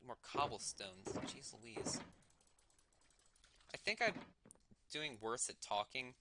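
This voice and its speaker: A man's voice: mid-range voice, very animated, slow pace, heavy background noise. Young man with a slight lisp, rambling. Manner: musing aloud, self-correcting while playing. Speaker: livestreamer. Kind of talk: casual gameplay commentary.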